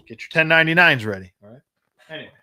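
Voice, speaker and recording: Brief: male host, slightly high voice, casual livestream toy review, blunt and rambly. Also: animated, very fast, sharp tone, low-quality recording. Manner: rambling, blunt, repeats and restarts while complaining. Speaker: action figure collector and channel host.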